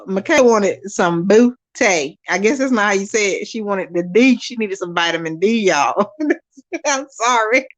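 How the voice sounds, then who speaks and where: A woman hosting a live watch-along, reading viewer comments aloud and chatting casually to her audience, animated and quick to laugh. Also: medium pitch. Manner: animated, laughs often, talks straight to viewers. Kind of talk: casual live-stream chat.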